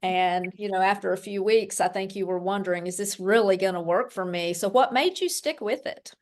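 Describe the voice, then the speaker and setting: A woman with a mid-range voice hosts a relaxed conversation. She is upbeat and encouraging, and she asks her guest simple follow-up questions. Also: mid-range voice, fairly quick. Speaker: host. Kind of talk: casual chat.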